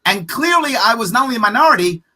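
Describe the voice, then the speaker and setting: A man's voice: very high voice, expressive, quick pace, sharp tone. A man being interviewed on a podcast as a political candidate, talking emphatically and bluntly, firing off rhetorical questions. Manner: profane, frank.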